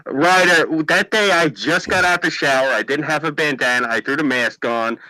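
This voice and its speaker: A man's voice: fairly high pitch, moderate pace, pushed and bright, dry recording, poor audio. A man with a New York accent chatting on a livestream, swearing freely and telling stories. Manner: profane, storytelling. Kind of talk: casual livestream chat.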